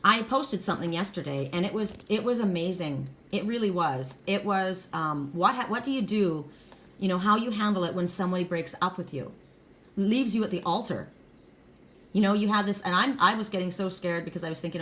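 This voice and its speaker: A woman's voice: medium pitch, lively intonation, a little fast, a bit bright, slight background noise. Blunt, emphatic middle-aged woman reading cards. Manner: blunt and emphatic, swears freely. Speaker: tarot card reader. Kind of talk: casual spoken card reading.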